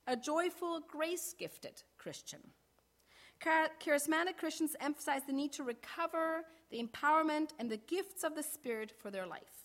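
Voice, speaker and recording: A middle-aged woman pastor giving a sermon in a measured way, slowing down to stress key phrases. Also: high-pitched, a bit bright.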